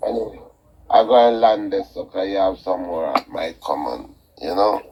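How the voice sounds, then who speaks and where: Husky, emphatic Jamaican caller. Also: male voice, deep voice, moderate pace, a little mellow, rough recording. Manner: emphatic and repetitive, preaching. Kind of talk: call-in talk radio chat.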